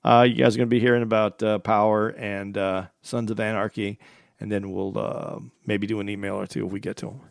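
A man co-hosting a podcast in relaxed casual chat, often trailing off with fillers. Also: fairly low pitch, fairly quick, vocal fry, no room sound. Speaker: podcast co-host.

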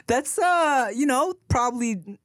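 A man's voice: very high-pitched, expressive, slow, fairly bright tone. A man hosting a podcast in casual chat, laid-back and slangy, laughing often. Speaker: podcast host.

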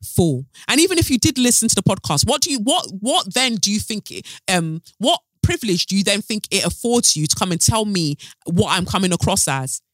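A woman's voice: mid-range voice, very animated, a little fast, hardly any pauses, no room sound. A woman hosting her own podcast, speaking alone into a close mic in a blunt, fiery, swearing way. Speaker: podcast host. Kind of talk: solo podcast monologue.

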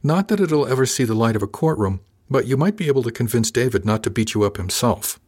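A man reading the part of a blunt, sardonic woman officer, speaking flatly and a little higher than his own voice. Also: fast talker, slightly rough.

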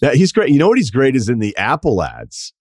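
A man's voice: mid-range voice, huge pitch swings, a little fast, a little mellow, no echo, studio quality. A middle-aged man hosting a podcast, chatting casually and giving strong opinions with the odd swear word. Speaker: podcast host. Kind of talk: casual chat.

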